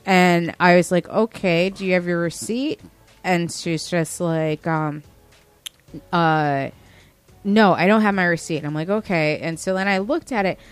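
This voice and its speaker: A woman's voice: unhurried, clean tone, faint music behind. A woman in her thirties, a former store manager, telling a workplace story in casual chat and acting out the customer. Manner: animated retelling, acts out the customer in a higher voice.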